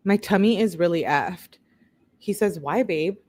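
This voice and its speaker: A woman with a somewhat low voice reads text messages aloud in a relaxed, conversational way. She keeps breaking off to react and talk straight to her viewers, like a chatty true-crime host. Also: measured pace, no room sound. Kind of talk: casual commentary reading text messages aloud.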